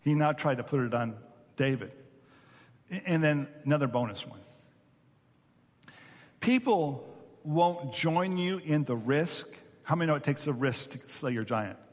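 A man preaching a sermon as a pastor, animated and acting out the voices of the story's characters. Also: fairly high pitch, unhurried, pauses often, long reverb tail.

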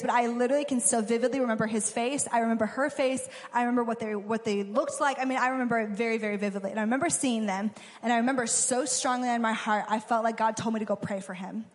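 Young woman preaching in a reverberant hall. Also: fairly high pitch. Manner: casual, conversational preaching with acted-out quotes. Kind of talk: sermon.

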